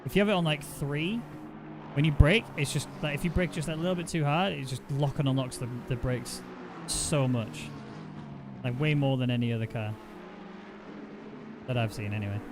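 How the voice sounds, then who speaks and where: A man commentating a sim racing event live, jumping up in excitement when the action heats up. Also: background noise. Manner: excitable, quick to rise in pitch on action. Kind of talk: live esports race commentary.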